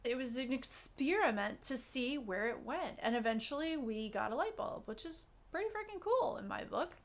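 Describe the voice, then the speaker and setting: A woman co-hosting a podcast in casual chat, telling stories in a reflective, animated way. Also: high voice, moderate pace. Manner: storytelling, reflective, animated asides. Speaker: podcast co-host.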